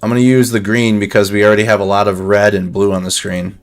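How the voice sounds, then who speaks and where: A man's voice: fairly low pitch, flat delivery, quick pace, faint music behind. A man giving casual live commentary on war news over a map, thinking aloud with restarts and a slightly dry throat.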